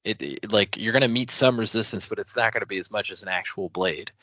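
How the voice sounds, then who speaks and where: Bright-voiced male co-host thinking aloud. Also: on the low side, no room sound. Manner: thinking aloud, halting restarts. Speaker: podcast co-host. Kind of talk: casual book discussion. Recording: dull dry audio.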